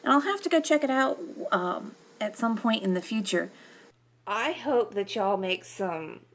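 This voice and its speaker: A woman's voice: mid-range voice, animated, unhurried. A woman reviewing books in a casual vlog, exasperated, sarcastic and swearing freely. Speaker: book reviewer.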